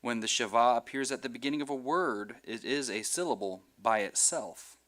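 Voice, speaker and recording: A man's voice: medium pitch, a bit bright. Patient man teaching a Hebrew class. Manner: patient, slow, repeats words for students.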